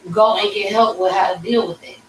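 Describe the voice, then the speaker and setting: A woman's voice: mid-range voice, steady tone, brisk, a little hiss or hum. A woman in her thirties hosting a livestream, telling a personal story candidly and casually and talking straight to her viewers. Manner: candid and conversational, addressing viewers as y'all. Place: tattoo shop. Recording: echoey room, mic at a distance.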